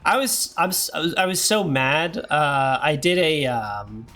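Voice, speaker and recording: A hoarse man in his thirties chatting casually and rambling while streaming a game. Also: fairly high pitch, lively intonation, unhurried, bright, forceful tone. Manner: rambling, self-deprecating, many fillers. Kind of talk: casual gameplay chat.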